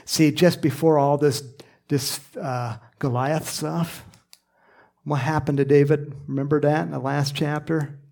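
A man's voice: fairly high pitch, fairly even intonation, a little slow, vocal fry, darkish tone. A man preaching a conversational sermon, acting out quoted lines and dropping at times to a whisper. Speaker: pastor.

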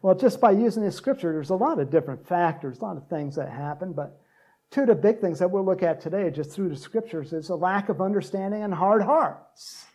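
A man preaching a sermon, joking with the congregation and breaking into loud shouts to act out cheering crowds. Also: sits high, expressive, fairly quick. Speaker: pastor.

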